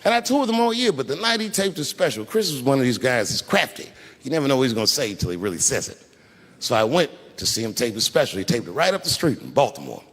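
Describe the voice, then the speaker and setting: A man doing a stand-up comedy set on stage, telling stories in an animated way and acting out other people's lines. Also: mid-range voice, fast talker. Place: theater stage before a live audience. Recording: live stage recording with crowd and hall echo.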